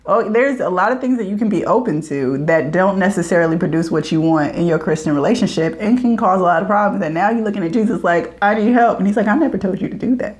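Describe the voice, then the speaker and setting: A woman's voice: lowish voice, fast talker, hardly any pauses. Earnest woman retelling scripture. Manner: earnest, retells scripture stories with playful voices. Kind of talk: casual faith chat.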